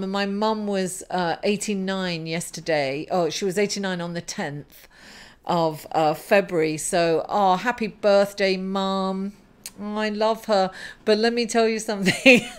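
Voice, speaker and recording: Middle-aged lady doing a tarot reading, gushy and upbeat, keeps saying darling. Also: mid-range voice. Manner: effusive, calls listener darling; encouraging, upbeat. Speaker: tarot reader.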